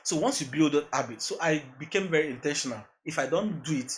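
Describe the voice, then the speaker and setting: A man's voice: on the high side, quick pace. A man with a Nigerian accent who mixes in Pidgin, a music producer talking about his journey as a podcast guest, earnest and reflective, repeating phrases as he thinks. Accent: Nigerian, mixing in Pidgin. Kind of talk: casual interview chat.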